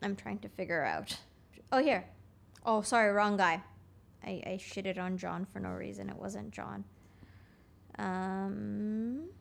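A young woman who works as a construction taper is a guest on a podcast, talking bluntly and casually. She's an animated storyteller, acting out both sides of conversations as she tells her stories. Her mid-range voice has vocal fry, and she speaks slowly with long pauses.

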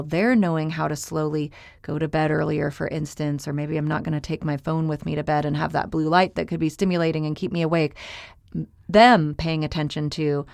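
Gravelly-voiced woman podcast co-host. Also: low voice, no echo, studio quality. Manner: steady, reflective, explains in long runs. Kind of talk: casual podcast chat.

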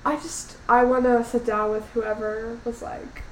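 A woman's voice: on the high side, little pitch movement, a little slow, reverberant, poor audio. A young woman co-hosting a podcast, chatting casually with playful, giggly banter and free swearing. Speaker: podcast co-host. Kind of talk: casual chat.

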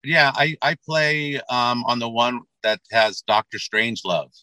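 A middle-aged man talks loosely as an interview guest, circling back and repeating his words as he goes. His voice is bright and forward, and the sound is dry and close, with no room around it. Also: medium pitch, unhurried, dry recording, rough recording. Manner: rambling, repeats words, many fillers. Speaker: metal band frontman and guest. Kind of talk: casual interview chat.

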